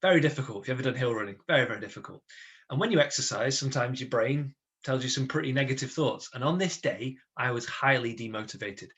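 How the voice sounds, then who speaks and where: An energetic man leads a motivational webinar at a middling pitch. He talks in a chatty way and keeps checking in with his listeners with tag questions. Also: fast talker. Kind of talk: lively talk to an online audience.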